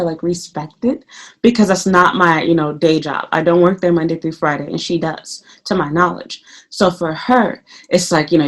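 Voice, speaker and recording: Woman ranting heatedly, a bit hoarse. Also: lowish voice. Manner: heated, venting, profane. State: slightly hoarse. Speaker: teacher vlogger. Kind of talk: casual ranting vlog.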